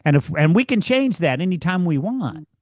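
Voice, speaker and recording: A man hosting a ministry podcast, speaking in a relaxed storytelling way and often restarting his sentences. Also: high-pitched, moderate pace, dry recording, studio quality. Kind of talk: casual faith-based conversation.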